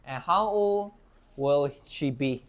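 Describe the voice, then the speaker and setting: A man's voice: on the high side, lively intonation, slow pace, muffled recording. A man teaching an English class, asking students questions and modeling phrases for them to repeat. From Myanmar. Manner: encouraging, asks questions, models phrases for repetition.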